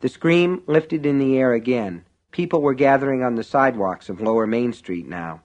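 A man reading an audiobook in measured, vivid narration. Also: mid-range voice, darkish tone, highs cut off. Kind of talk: scripted narration.

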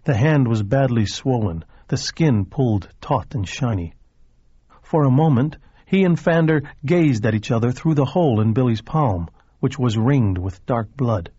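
A man narrating an audiobook in a steady, measured reading voice. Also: medium pitch, breathy edge, no room sound, dull audio.

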